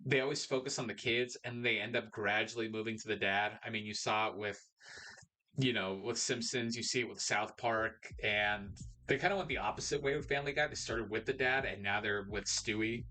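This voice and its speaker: A man's voice: fairly low pitch, steady tone, a little fast, bright, forceful tone. A young man hosting a casual live stream, rambling and correcting himself as he reads out chat messages.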